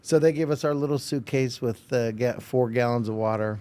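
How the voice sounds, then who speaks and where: A man telling an animated story. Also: mid-range voice, normal speed, clean tone. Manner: animated, acts out quoted dialogue; explanatory, technical. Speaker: podcast guest. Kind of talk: casual storytelling interview.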